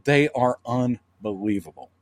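A man's voice: medium pitch, a little slow, dry recording. A man co-hosting a podcast, chatting casually about old comedies and acting out quoted bits. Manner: animated, acts out quoted lines with laughs. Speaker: podcast co-host.

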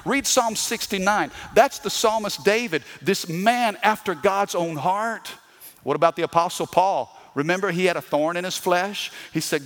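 A man preaches a sermon with a fairly high voice, rising into emphatic bursts and dropping to slow, quiet lines. He calls out to the congregation for amens. His words ring out with a long reverb through a large hall. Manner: dynamic preaching, swinging between loud emphatic bursts and slow hushed lines. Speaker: pastor.

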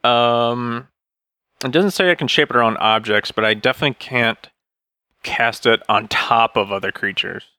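はきはきと明るい声の男性プレイヤー. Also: male voice, medium pitch, normal speed, pushed and bright, clear, resonant tone, no room sound. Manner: hesitant, thinks aloud, restarts. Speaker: player. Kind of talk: casual tabletop play.

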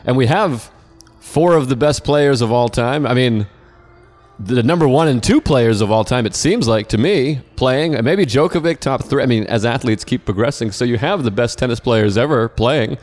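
A man from the Boston area, a podcast guest, chatting in animated, jokey bursts. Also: mid-range voice, normal speed, faint music behind. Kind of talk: casual podcast chat.

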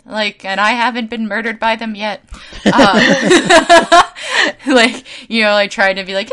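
A young woman co-hosting a podcast, telling stories in a casual, animated way and laughing often. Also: medium pitch, normal speed, clear, resonant tone. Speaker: podcast co-host. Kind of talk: casual chat.

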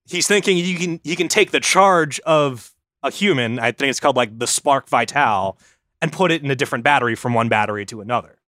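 A man's voice: medium pitch, fairly quick, sharp tone, no echo, clean studio sound. A man telling a history story on a casual podcast, rambling and swearing now and then.

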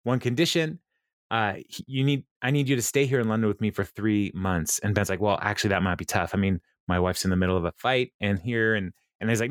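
A man's voice: lowish voice, a little fast, no room sound. A man co-hosting a podcast, retelling a show's scenes in a rambling way, quoting characters, with many fillers. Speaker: podcast co-host. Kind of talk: casual episode recap.

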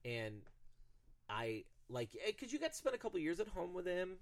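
A man in his thirties co-hosting a podcast, telling a story in a casual, animated way with frequent swearing. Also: sits high, moderate pace. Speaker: podcast co-host.

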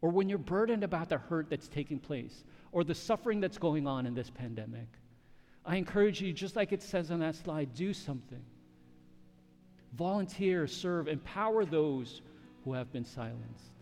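Dynamic high-voiced male pastor preaching. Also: animated, normal speed, long reverb tail, faint music behind. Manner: dynamic preaching, swinging from loud emphatic peaks to hushed quiet. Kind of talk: sermon.

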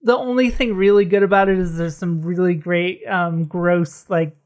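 A woman's voice: on the low side, steady tone, normal speed, a little mellow. Woman, podcast co-host, casual chat, wry, chatty, laughing asides.

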